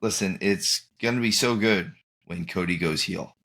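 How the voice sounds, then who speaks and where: A man's voice: sits low, moderate pace, pushed and bright. A man hosting a podcast in casual chat, rambling and often trailing off and restarting mid-thought. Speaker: podcast host.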